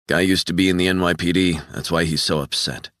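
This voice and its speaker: Male narrator putting on a grumbling old-timer at a bar, low, bright and dry. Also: fairly even intonation, brisk, no room sound. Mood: indignant.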